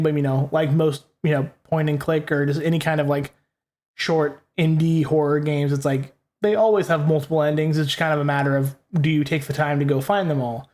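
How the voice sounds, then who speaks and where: A man's voice: fairly high pitch, a little mellow. A young man casually commentating on a game he is playing, rambling and swearing freely. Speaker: gaming host. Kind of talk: let's play commentary.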